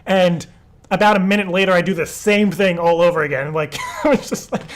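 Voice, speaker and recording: Young male streamer, slightly higher voice, casual rambling chat full of swearing. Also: a little fast. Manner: rambling, laughing and swearing freely. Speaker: live show host.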